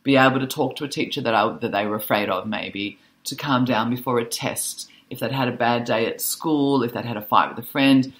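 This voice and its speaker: A woman social worker and author, a guest on a podcast, telling animated stories about teaching teenagers and laughing easily. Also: extremely low pitch, a little fast, few pauses. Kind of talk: conversational interview.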